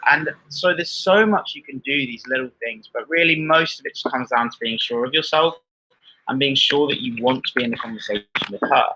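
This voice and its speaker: A man's voice: mid-range voice, a little fast, sharp tone. A man explaining dating advice earnestly on a live Q&A stream. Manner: earnest, explanatory, restarts mid-sentence. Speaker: dating coach co-host. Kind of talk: live Q&A chat. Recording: dull lo-fi stream audio.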